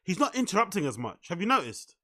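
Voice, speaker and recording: A man's voice: sits high, big pitch swings, fast talker, pushed and bright. A man streaming casual reaction commentary, mocking and profane, repeating his punchlines.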